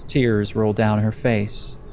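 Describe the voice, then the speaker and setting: Brief: low, dark-toned male game master, calm and measured scene narration. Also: a little hiss or hum. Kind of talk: narrating a tabletop horror game.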